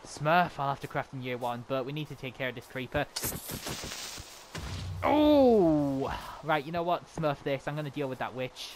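A man giving excitable, chatty commentary while playing a game. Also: medium pitch, fast, few pauses, noisy background. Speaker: gamer. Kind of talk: casual gameplay commentary.

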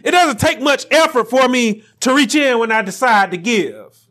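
A man delivering a sermon as a pastor. His voice sits high and moves with lively swings of pitch, rising to emphatic peaks and then dropping into quieter asides. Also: moderate pace.

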